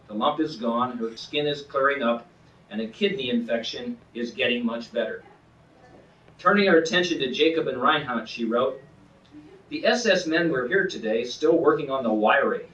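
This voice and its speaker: Man, reading aloud from his book, earnest and measured, mid-pitched voice, roomy echo, far from the mic, dull lo-fi sound. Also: fairly bright tone.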